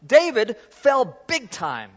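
Male pastor, high-pitched, casual demo-style preaching; muffled recording in a big echoing hall. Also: huge pitch swings, slow pace, a bit bright. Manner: conversational, self-deprecating, demonstrates while talking. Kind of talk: sermon with a live object lesson. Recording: dull sound in a reverberant hall.

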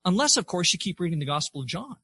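Bright, lively-voiced male preacher. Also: high-pitched, quick pace, husky, dry recording. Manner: emphatic, builds through repeated phrases. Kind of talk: sermon.

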